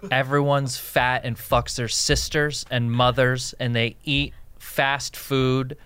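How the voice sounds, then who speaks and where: A man's voice: mid-range voice, level tone, takes it slowly, sharp tone. A man co-hosting a podcast, reading listener emails aloud and joking loosely, swearing freely. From Jordan. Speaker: podcast co-host. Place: recording studio in Los Angeles.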